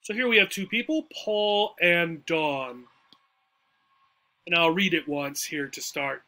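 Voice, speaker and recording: A man's voice: fairly high pitch, slow pace, bright, forceful tone. A man teaching English, walking through a textbook dialogue in a chatty way and often checking in with "right?" and "okay?".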